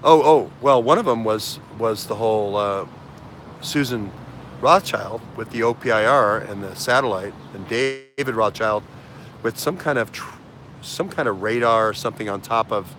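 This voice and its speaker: A man with a fairly low, slightly bright voice hosts a casual political talk show at a moderate pace. He rambles, filling his speech with fillers, restarts and repetitions, over faint background noise.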